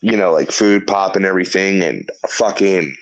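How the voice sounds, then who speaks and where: A man's voice: low voice, moderate pace, poor audio. A man hosting a talk show, telling a long story in casual, rambling chat full of swearing. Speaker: podcast host.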